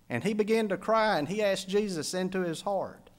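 A man, a pastor preaching a sermon, telling a story and building to emphatic peaks before dropping soft. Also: high-pitched, animated, moderate pace.

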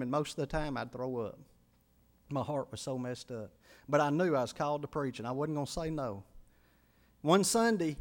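High-voiced preacher building to fervent peaks. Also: male voice. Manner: emotional testimony, builds to loud pleading climaxes. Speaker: pastor. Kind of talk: sermon.

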